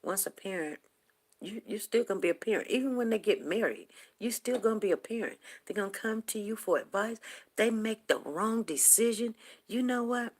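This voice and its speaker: A woman's voice: mid-range voice, expressive, normal speed. A woman in her fifties hosting a casual morning talk stream, telling rambling, chatty stories to her viewers. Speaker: morning talk show host. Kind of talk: casual chat on a livestream.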